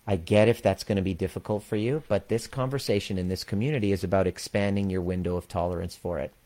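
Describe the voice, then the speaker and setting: A man with a deep, low voice tells a personal story in a relaxed monologue. He talks candidly and earnestly and swears freely along the way. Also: fast talker. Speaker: former chiropractor, community leader.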